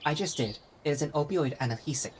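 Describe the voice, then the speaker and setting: Man putting on a high, clinical scanner AI. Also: fast talker, slight background noise, lightly acted, poor audio. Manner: clinical, informative.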